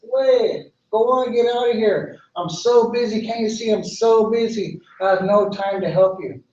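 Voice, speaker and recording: A man voicing a busy female tan oak tree who brushes people off in a hurried way. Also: high voice, dark tone, pitched above the performer's own voice. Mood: impatient. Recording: echoey room, far mic, dull.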